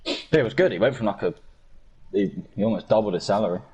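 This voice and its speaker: A man's voice: on the low side, expressive, fast, a little mellow, husky. A man from Sussex with a southern English accent, blunt and opinionated, swearing constantly in casual gaming chat. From Sussex, England. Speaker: gamer in voice chat.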